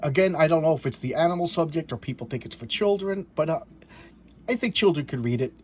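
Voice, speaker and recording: A man casually reviewing a comic book, rambling with excited asides and restarts as he pages through it. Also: a little high, fast talker, slight background noise. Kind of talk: casual comic review, reading panels aloud.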